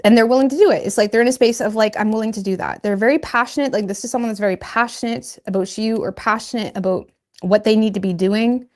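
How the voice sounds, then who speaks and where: A woman's voice: fairly high pitch, fast. Chatty woman giving a tarot reading. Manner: chatty, laughs at herself, lots of "like" and "you know". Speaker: tarot reader.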